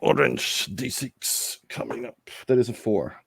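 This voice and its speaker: A man's voice: medium pitch, measured pace, gravelly, slightly rough, no room sound. A man playing in a tabletop game, talking bluntly and tersely. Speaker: player.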